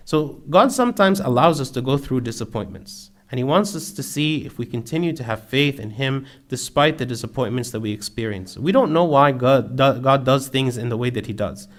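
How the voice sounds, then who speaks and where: A man preaching a sermon in an earnest, steady way, building emphasis through repetition. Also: medium pitch, brisk, hardly any pauses.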